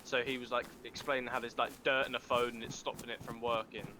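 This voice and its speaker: This fellow player is a young man talking casually mid-game, his stories wandering and peppered with curses. The delivery is fast, pushed and bright, with a level tone at medium pitch and slight noise behind him.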